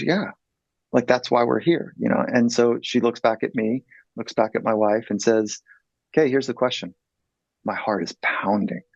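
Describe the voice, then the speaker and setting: Gravelly middle-aged man telling a candid story. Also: medium pitch, a little mellow, no echo, muffled recording. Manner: earnest, blunt, swears freely. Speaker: psychologist guest.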